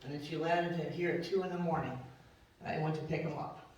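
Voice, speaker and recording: A man's voice: on the high side, steady tone, fairly quick, a little mellow. A man giving a memorial eulogy, telling rambling family anecdotes and acting out the voices he quotes. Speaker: eulogy speaker. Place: memorial service hall. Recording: very echoey hall, distant from mic.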